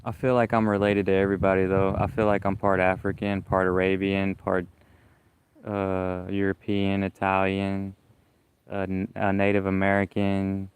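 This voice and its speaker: A man with a Southern US accent chatting casually on a livestream, talking slowly around a stammer. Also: sits low, completely flat delivery, clean tone. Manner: stammer, slow careful breathing; chatty, rambling. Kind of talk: casual live chat.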